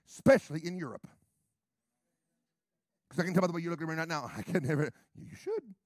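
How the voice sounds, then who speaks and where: A middle-aged American man, a pastor, preaching a brash, sarcastic sermon that swings from quiet asides to shouts. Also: a little high, lively intonation, fairly quick, pauses often, no room sound, studio quality. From United States.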